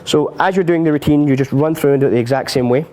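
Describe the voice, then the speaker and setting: A man's voice: on the high side, quick pace, darkish tone. A man teaching card and coin magic on a live stream, chatty and self-mocking, laughing often. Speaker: magic instructor.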